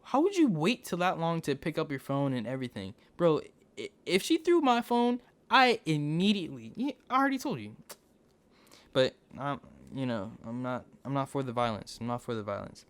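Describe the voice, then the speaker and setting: A man casually telling a story for a video, slangy and animated, wandering into tangents. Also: on the high side, moderate pace, smooth. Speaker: storytime YouTuber.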